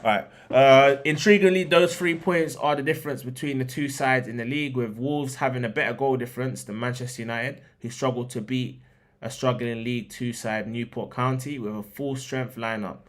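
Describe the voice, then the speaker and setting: A man's voice: medium pitch, steady tone, normal speed. A man hosting a football podcast, reading match previews from a script with joking asides and restarts.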